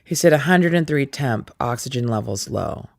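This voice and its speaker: A woman in her forties intensely retelling a family story, with halting restarts and acted-out quoted dialogue. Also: a bass voice, animated, vocal fry, darkish tone, no echo, studio quality. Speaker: interviewee. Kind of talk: personal storytelling.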